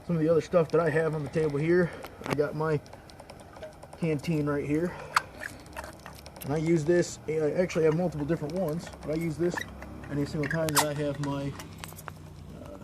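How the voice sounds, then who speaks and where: A man talks casually and a little haltingly, feeling the cold as he stands outdoors in falling snow. His voice sits somewhat high for a man. Clear background noise runs under the whole recording. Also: little pitch movement. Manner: rambling, informal, restarts often. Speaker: WWII reenactor vlogger. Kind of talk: casual show-and-tell vlog. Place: outdoors in snowy weather.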